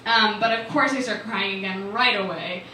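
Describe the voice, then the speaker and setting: A woman's voice: mid-range voice, normal speed, bright, forceful tone, slight background noise. A young woman in her twenties doing chatty, self-deprecating stand-up storytelling in a living room, with lots of "like" fillers, while a small audience laughs. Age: 20s. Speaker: stand-up comedian. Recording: echoey room, mic far off.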